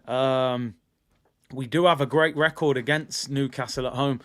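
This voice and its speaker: A man's voice: mid-range voice, steady tone, a little slow, a bit bright. A young man hosting a football watch-along, talking casually and animatedly, repeating himself as he argues his point. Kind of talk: casual live match commentary.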